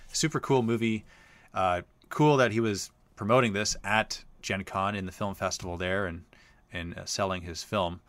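A man hosting a show, telling a long story in a casual, rambling way with lots of filler words. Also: sits low. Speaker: host.

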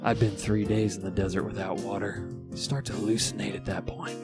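A man voicing a gruff male drifter telling a dramatic tale of the desert, set over loud guitar music. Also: on the low side, flat delivery, a little fast, lightly acted.

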